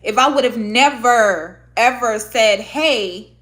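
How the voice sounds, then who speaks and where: This vlogger and podcaster from Michigan, USA, speaks to camera in a candid, profane, expressive way, swearing plenty in casual talk. Her voice sits on the high side and moves at a slow pace, captured by her own desk-mounted microphone.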